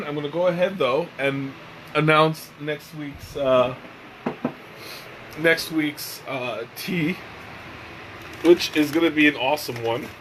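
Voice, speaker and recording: A slow-talking man with a slightly raised pitch hosts a casual live stream, sounding worn out and mellow. He rambles and restarts his sentences often. A faint air-conditioning hum sits behind him. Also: rough recording. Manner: relaxed, rambling, with many fillers and restarts. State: tired and mellow. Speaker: tea livestream host.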